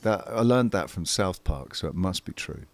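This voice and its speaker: A man's voice: deep voice, expressive, moderate pace, creaky. A man from the UK chatting casually on a livestream, rambling and swearing as he talks. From United Kingdom. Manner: rambling, swears, restarts often. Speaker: channel host.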